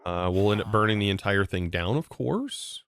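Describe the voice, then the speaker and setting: A man's voice: fairly low pitch, lively intonation, moderate pace, a bit bright, smooth, no room sound. A man livestreaming a game, chatting casually to his viewers as he narrates each move he makes. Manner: chatty, narrates his moves and talks to chat. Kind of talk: live gameplay commentary.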